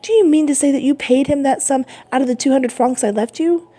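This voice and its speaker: A woman's voice: high-pitched, a little fast, mellow, pitched above the performer's own voice, close to an everyday voice. A woman voicing an earnest young male sailor who is a devoted son, speaking eagerly in a storybook reading.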